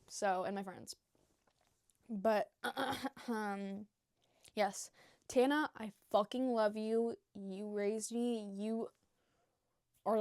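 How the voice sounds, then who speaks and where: Young woman rambling on her vlog, gushy, swears a lot, mid pitch, dry close sound. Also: a little mellow, no echo. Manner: rambling and gushing, heavy on fillers and swearing. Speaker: new vlogger. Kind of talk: casual unscripted vlog chat.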